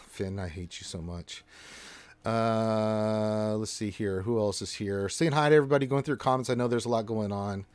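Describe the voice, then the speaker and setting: A man's voice: fairly low pitch, moderate pace, a little mellow, no room sound. A man hosting a casual gaming livestream, reading chat in a blunt, emphatic, rambling manner.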